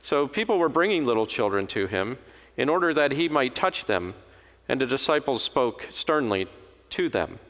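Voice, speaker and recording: A man's voice: mid-range voice, very animated, normal speed, fairly bright tone. A man preaching a sermon in a conversational, storytelling manner. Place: church. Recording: long hall reverb.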